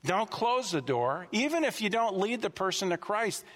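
A man's voice: high voice, big pitch swings, normal speed, fairly bright tone. A male pastor preaching a sermon with emphasis, repeating key phrases for his listeners. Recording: long hall reverb.

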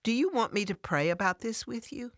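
A woman voicing a frank, caring female friend who asks gentle, probing questions. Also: a little high, lively intonation, fairly quick, no room sound, clean studio sound, pitched above the performer's own voice. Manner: gentle, probing, plain-spoken.

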